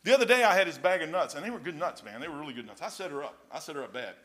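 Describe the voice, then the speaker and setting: Older male preacher, high-pitched, folksy rambling storyteller. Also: lively intonation, very fast, a bit bright. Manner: rambling folksy anecdotes, says "man" often. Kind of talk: storytelling sermon.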